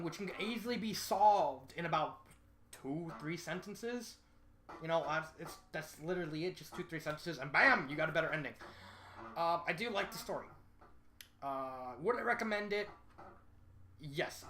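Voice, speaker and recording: A fan fiction reviewer with a mid-range, slightly bright voice gives a casual spoken review. They ramble, correct themself often, and drive points home by repeating them.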